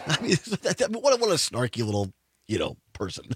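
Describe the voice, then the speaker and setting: A man's voice: mid-range voice, huge pitch swings, moderate pace, slight background noise. A man hosting a political talk radio show, sarcastic, with chuckling asides and frequent restarts.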